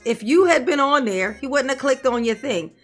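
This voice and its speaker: A woman hosting a reaction commentary show, sassy and quick with jokes, laughing often. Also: high voice, animated, faint music behind. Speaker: commentary channel host.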